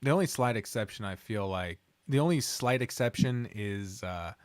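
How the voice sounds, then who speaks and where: A streamer and visual novel narrator with a Midwestern American accent chats casually, rambling and trailing off with ums. His voice is on the low side and animated, at a normal speed, with background noise present.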